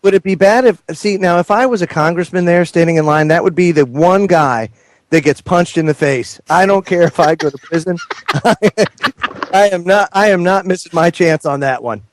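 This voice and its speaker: Joking, loud male radio host. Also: high-pitched, moderate pace. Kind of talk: casual live commentary.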